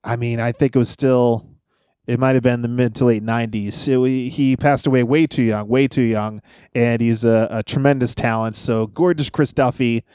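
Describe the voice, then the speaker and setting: A man's voice: mid-range voice, steady tone, normal speed, darkish tone, smooth, dry recording, clean studio sound. A man chatting casually on a wrestling podcast, rambling through old stories and laughing often.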